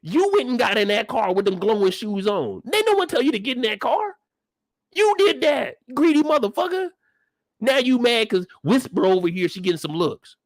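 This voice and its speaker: High-voiced young guy going off about a tv show, swoops all over, cussing a lot. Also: normal speed, no echo. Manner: loud, animated, profane ranting with big pitch swings. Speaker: channel host reacting to a TV episode. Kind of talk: casual reaction commentary.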